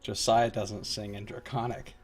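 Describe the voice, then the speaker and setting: A man's voice: lowish voice, level tone, normal speed, husky, faint music behind. A man playing in a tabletop role-playing game, animatedly describing his character's actions. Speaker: player. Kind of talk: tabletop role-play narration.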